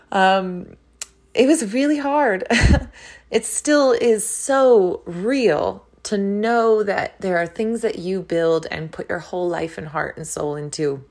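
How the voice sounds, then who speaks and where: Low-pitched woman, wellness entrepreneur, earnest heartfelt personal monologue. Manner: earnest, heartfelt, with soft laughs.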